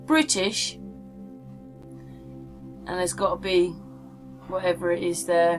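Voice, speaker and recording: A woman with a mid-pitched voice talks casually to her viewers, rambling from one point to the next. She keeps asking questions like she's chatting with a friend. Soft music sits faintly underneath. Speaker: vlogger. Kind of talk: casual rambling commentary over maps.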